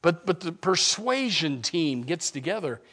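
A man preaching a sermon, swinging from quiet asides to loud, impassioned preaching, with halting restarts and repeated words. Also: fairly high pitch, sing-song.

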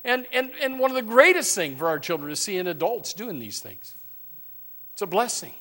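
A man's voice: high voice, sing-song, moderate pace, pushed and bright. A man preaching a sermon, telling rambling folksy stories with many restarts.

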